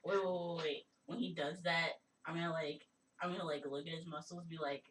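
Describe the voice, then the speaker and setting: A woman's voice: low voice, steady tone, a little fast, echoey room. A woman playing a tabletop game, joking and laughing as she talks. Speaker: player. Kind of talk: casual play. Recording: distant mic with faint noise.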